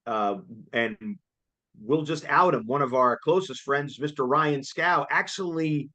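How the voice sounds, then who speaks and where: A man, chatting casually as co-host, excitable and jokey and laughing often. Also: on the high side, measured pace. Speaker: co-host reviewing a concert. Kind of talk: casual chat.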